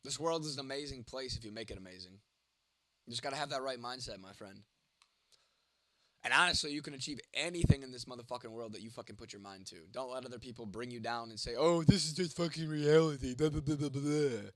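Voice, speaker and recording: A man hosting a live stream in a loose, rambling, profane way, talking directly to his viewers. His voice sits at a middling pitch. The sound is dry and close, with no room echo. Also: fast, bright, forceful tone. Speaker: livestream host reading chat. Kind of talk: casual live-stream chat.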